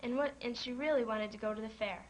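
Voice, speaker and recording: A woman's voice: on the high side, quick pace, slight background noise, poor audio. Woman reading a children's story. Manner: gentle, lightly voices the animal characters. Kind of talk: children's story read aloud.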